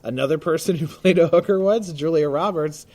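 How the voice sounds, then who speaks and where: A man co-hosting a casual podcast conversation, chatty and jokey, laughing often and filling pauses with "uh". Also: a little high, a little mellow. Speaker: podcast co-host. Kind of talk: casual chat. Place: Baltimore.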